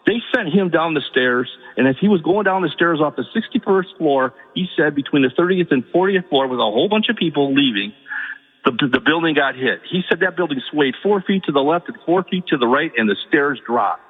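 Caller: husky man, mid pitch, halting and earnest, heard through a tinny phone line. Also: animated, big-room sound. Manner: halting, repeats words, rises to pleading. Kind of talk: emotional call-in story.

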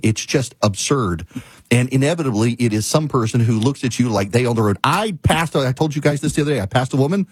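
Husky-voiced man ranting about traffic. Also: medium pitch, no room sound. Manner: ranting, animated storytelling. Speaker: talk show host. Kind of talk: casual monologue.

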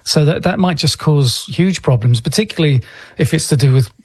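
A man giving calm, earnest explanations as an interview guest, often restarting his sentences mid-thought. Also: on the high side, a little fast, husky, no echo.

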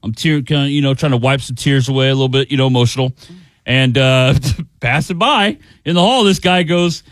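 A man's voice: mid-range voice, fairly quick, dry recording. A man in his forties, a radio co-host, telling a funny story in casual banter and mimicking other voices.

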